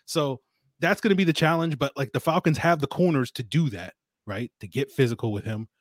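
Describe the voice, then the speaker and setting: A man's voice: mid-range voice, brisk, no echo, studio quality. A man guest on a sports podcast, talking football in a conversational way with lots of hedging. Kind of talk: casual sports analysis talk.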